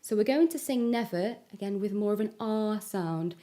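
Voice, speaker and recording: A woman giving a singing lesson, explaining vowel shapes step by step and demonstrating high notes. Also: expressive, normal speed, mellow. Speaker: singing teacher. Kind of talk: vocal lesson with sung examples.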